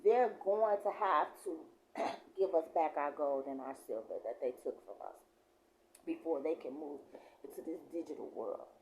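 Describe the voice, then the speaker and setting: A woman reading scripture slowly and with emphasis, then adding loose, conversational commentary. She often clears her throat. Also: sits low, darkish tone, low-quality recording. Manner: reads verses slowly and emphatically, then talks in loose asides. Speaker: prophetess.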